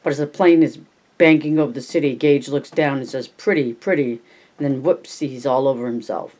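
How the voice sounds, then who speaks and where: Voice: medium pitch, normal speed, darkish tone, lightly acted. An audiobook reader voicing a weary young mother from the storybook, in a matter-of-fact tone.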